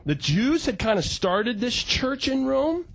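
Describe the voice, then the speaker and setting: Lively, high-voiced male preacher. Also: measured pace, creaky, dry recording. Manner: animated storyteller, acts out voices and shouts for emphasis. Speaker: pastor. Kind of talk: sermon.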